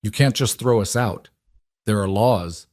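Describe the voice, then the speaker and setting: A man's voice: lowish voice, a little slow, darkish tone, dry recording, studio quality, natural voice. A man voicing a weary, struggling single father who talks in a strained, held-together way. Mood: weary, pleading. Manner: strained, holding himself together.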